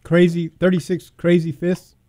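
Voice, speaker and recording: A man's voice: sits high, completely flat delivery, normal speed, warm tone, dry recording, studio quality. Upbeat man hosting afternoon radio. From American South. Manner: upbeat station-plugging host, asks short questions. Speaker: radio host. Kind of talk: casual radio chat.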